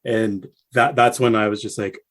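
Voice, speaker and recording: A man guest on a casual podcast, telling a story with animated bursts when he quotes people. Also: normal speed. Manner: animated storyteller, acts out quotes with rising pitch.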